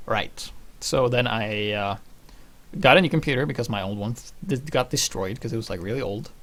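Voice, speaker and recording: Young male vlogger, rambling, animated, swears freely. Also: mid-range voice, normal speed. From Norway. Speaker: channel host. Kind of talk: casual personal storytelling.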